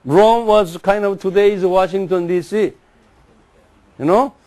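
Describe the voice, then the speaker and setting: A man lectures to a class in a fairly high voice. He moves slowly and deliberately, drilling pronunciations and asking listeners to repeat after him. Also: a little mellow. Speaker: Bible teacher.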